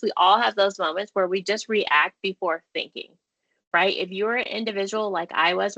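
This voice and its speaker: A woman's voice: mid-range voice, vocal fry, fairly bright tone, dry recording. A woman therapist presenting a parenting webinar over a video call, walking listeners through breathing exercises in an encouraging, conversational way. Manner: encouraging, conversational, uses y'all and playful asides. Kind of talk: guided mindfulness and webinar presentation.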